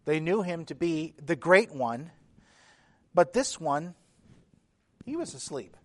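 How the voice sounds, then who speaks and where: A man preaching a sermon in a measured, emphatic way, his intensity rising and falling. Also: a little high, big pitch swings, fairly bright tone, dry recording.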